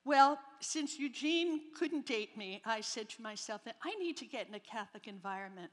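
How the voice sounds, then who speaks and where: A woman in her seventies from New Jersey, near New York City, gives a humorous, candid account of her faith to an audience at a Christian rally. Her voice is on the high side with lively intonation and normal speed, and the large hall lends a long reverb.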